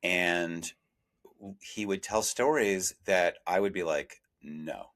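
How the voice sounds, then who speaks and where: A man's voice: low-pitched, steady tone, slow, fairly bright tone. A middle-aged man co-hosting a podcast, talking reflectively and frankly, often restarting his sentences. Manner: reflective, self-deprecating, many restarts. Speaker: investigative journalist, podcast co-host. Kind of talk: conversational podcast discussion.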